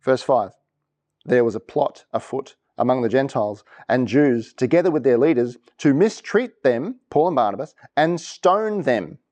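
A man's voice: mid-range voice, moderate pace. A man preaching a sermon, reading verses and quizzing the congregation for reactions. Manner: lively, asks congregation for reactions. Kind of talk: interactive sermon. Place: church.

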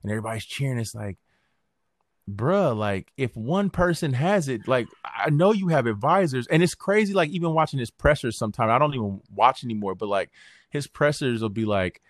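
A man hosting a podcast, talking politics in a casual, animated way, full of slang and swearing and quick impressions of other people. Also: medium pitch, no room sound, clean studio sound. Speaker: podcast host.

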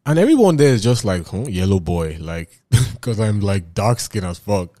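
A man's voice: low-pitched, unhurried, mellow, no room sound. A man with a Nigerian accent, hosting a podcast and telling a story in a casual, laughing way. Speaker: podcast host.

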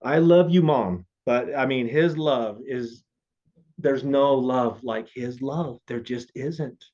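A man's voice: medium pitch, slow, a little mellow. A man earnestly and emotionally telling his personal faith testimony as a guest. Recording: dull lo-fi audio.

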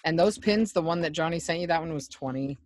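A man's voice: a little high, fast talker, crowd noise. A man co-hosting a podcast, chatting casually in a rambling way and laughing often. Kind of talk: casual chat.

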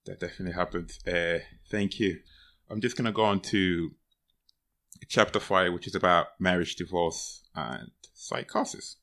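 Male interviewer, low pitch with a bright forward tone, casual and easy-laughing. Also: fairly even intonation, moderate pace. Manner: laughs easily, loose phrasing. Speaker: podcast interviewer.

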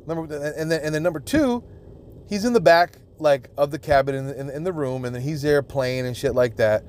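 A man's voice: a little high, brisk, a little mellow. A young man hosting his own podcast, ranting crudely and indignantly with constant swearing. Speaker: podcast host. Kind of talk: profane solo podcast rant.

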